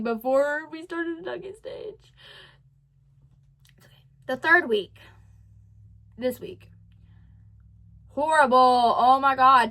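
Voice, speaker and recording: A teenage girl talks straight to camera in a casual diary vlog, her voice sitting high. She tells her story with dramatic swings, stops to correct herself, and rushes on. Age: teens. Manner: animated storytelling, dramatic ups and downs, self-correcting. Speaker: vlogger.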